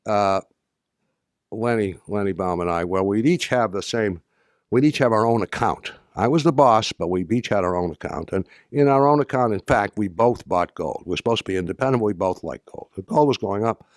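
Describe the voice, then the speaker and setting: An older man tells a story to an audience in a low, unhurried-sounding voice, stumbling over restarts and slipping in dry humor. The sound is close and dry, with no room around it. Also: dry recording. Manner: halting, many restarts and fillers, dry humor. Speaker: speaker addressing an audience. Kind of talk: anecdotal talk.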